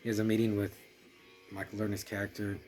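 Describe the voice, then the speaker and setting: A man giving a casual, rambling spoken film review, restarting his sentences and trailing off quietly at times. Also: fairly low pitch, monotone, fast talker. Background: faint music.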